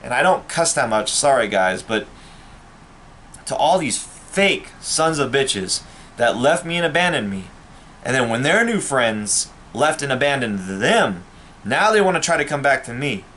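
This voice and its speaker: A man's voice: medium pitch, big pitch swings, unhurried, fairly bright tone, a little hiss or hum. A man, a vlogger, ranting to camera in a bitter, angry and profane way. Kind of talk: personal rant to camera.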